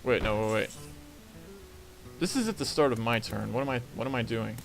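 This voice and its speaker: A man of middle pitch talks through a card game as he plays, working out his moves aloud. He grumbles and swears when luck turns against him. Clear game music plays behind his voice. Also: animated, brisk. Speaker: gamer playing a card game. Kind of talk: casual gameplay commentary.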